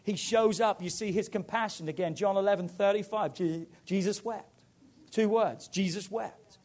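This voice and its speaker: High-voiced man preaching a sermon. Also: moderate pace. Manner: emphatic, building to loud preaching. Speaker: pastor.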